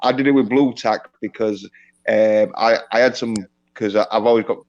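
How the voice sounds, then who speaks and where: A man's voice: lowish voice, fairly even intonation, normal speed, darkish tone. A man with an English accent chatting casually, rambling and hesitant with lots of fillers. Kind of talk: casual chat. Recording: dull lo-fi mic.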